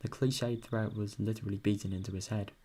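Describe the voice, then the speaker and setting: His voice sits on the low side, dark in tone, with flat delivery and a slightly fast pace. The young British man is reading a visual novel aloud, pausing to chat, cursing frequently, and bursting out with sudden reactions to the story.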